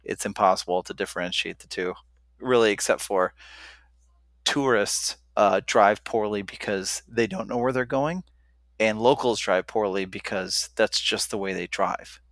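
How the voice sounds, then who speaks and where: A man's voice: on the low side, a little slow, a bit bright, dry recording. A man co-hosting a casual chat, talking in a rambling, hesitant way with many ums and restarts. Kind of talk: casual conversation.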